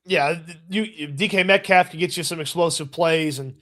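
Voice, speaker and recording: A man co-hosting a casual football talk show, giving relaxed analysis with frequent restarts. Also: fairly high pitch, normal speed. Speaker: sports show co-host.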